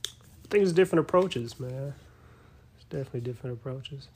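A man's voice: medium pitch, fairly quick, a little mellow, slight background noise. A man in his thirties chatting casually with his partner, laid-back and slangy. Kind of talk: casual chat.

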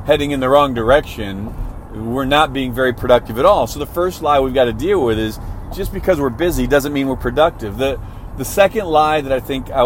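A man's voice: medium pitch, slight background noise. A man giving a motivational talk in a conversational way, often checking in with "right?" and restarting his phrases. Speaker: motivational speaker.

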